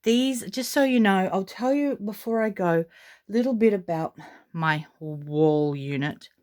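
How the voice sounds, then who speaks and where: A woman's voice: mid-range voice, measured pace, darkish tone. A woman with an Australian accent gives a casual, gushing, rambling tour of her nursery at home, full of fillers. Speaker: vlogger.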